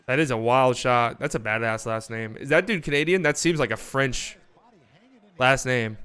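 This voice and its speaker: A man hosting a live watch party stream, calling the game in casual play-by-play that swings between calm calls and excited, swearing outbursts. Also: medium pitch, moderate pace, clean tone.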